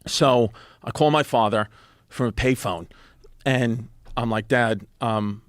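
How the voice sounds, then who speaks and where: Animated New comic storyteller man. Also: mid-range voice, no echo, clean studio sound. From New York City. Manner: animated, rapid asides, acts out quotes. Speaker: comedian guest.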